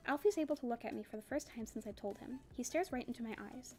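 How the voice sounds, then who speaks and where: A woman reading a novel aloud in a soft, quiet, subdued way. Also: fairly high pitch, fast talker, hardly any pauses, soft background music. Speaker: audiobook reader.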